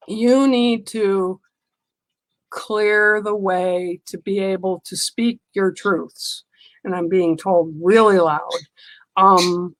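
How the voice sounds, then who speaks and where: A woman doing spiritual card readings on a livestream, talking slowly with many ums and pauses. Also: mid-range voice, fairly bright tone, dry recording, rough recording. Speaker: livestream psychic reader.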